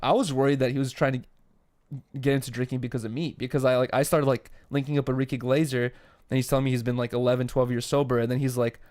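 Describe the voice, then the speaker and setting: A man's voice: medium pitch, level tone, fast, a little mellow. A young man co-hosting a podcast, chatting casually with lots of fillers and swearing. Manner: rambling, filler-heavy, swearing. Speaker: podcast co-host. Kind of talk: casual chat.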